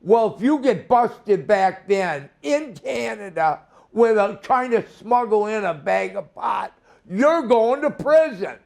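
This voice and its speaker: A man's voice: high-pitched, lively intonation, slow pace, creaky, a little mellow. An older man from Minnesota telling a heated, profane story in an interview as a former wrestler. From Minnesota, USA.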